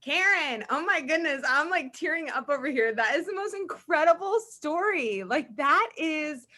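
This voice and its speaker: A woman hosts a casual interview. Her voice is high, bright and lively. She gushes over her guest's stories and fills her talk with "like". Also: moderate pace. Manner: effusive, heavy filler "like". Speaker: podcast host.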